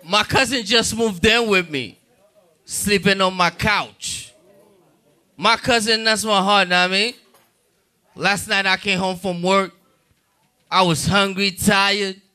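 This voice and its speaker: High-voiced joking stand-up comedian man. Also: fairly even intonation, slow pace, pauses often, sharp tone. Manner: loose, joking, talks to the crowd. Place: comedy club in a diner.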